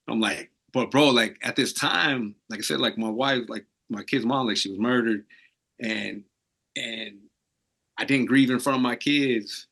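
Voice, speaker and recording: A man from Arizona opens up as a podcast guest, his voice bright and forward yet husky at the edges. He talks in loose, slangy runs, tossing in "bro" constantly while staying earnest and reflective. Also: medium pitch, measured pace. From Arizona, USA. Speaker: podcast guest, tattoo artist. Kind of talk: casual candid storytelling.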